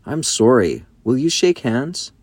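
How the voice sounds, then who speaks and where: A man's voice: mid-range voice, sing-song, unhurried, a little mellow, breathy edge, no room sound. A man voicing an eager, hearty, slightly bossy eldest schoolboy in a storybook reading.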